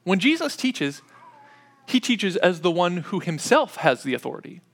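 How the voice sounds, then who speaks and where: A man preaching an expository sermon, explaining step by step in a conversational way with frequent pauses and fillers. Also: high voice, very animated, gravelly, fairly bright tone.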